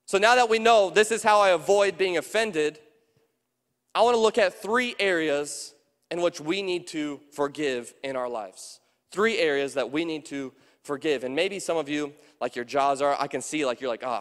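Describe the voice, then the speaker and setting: Pastor preaching with hall reverb. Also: male voice, fairly high pitch. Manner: conversational, asks the room questions, acts out quoted voices. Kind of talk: sermon. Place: church sanctuary.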